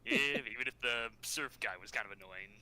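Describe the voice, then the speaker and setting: A man's voice: medium pitch, a little fast, sharp tone, low-quality recording. A man chatting casually on a podcast, giggling often and restarting his sentences. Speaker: podcast co-host. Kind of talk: casual chat.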